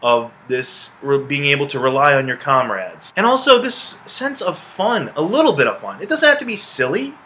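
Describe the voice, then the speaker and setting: A man reviewing a film in a casual, animated way, exasperated and swearing, with laughing asides. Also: a little high, normal speed, few pauses, slight background noise. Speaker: movie reviewer.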